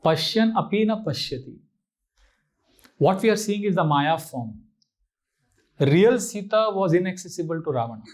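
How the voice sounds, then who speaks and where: A man's voice: high-pitched, lively intonation, normal speed, long pauses. A man giving a devotional talk, telling a scripture story with earnest emphasis and wry asides. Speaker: monk and spiritual teacher.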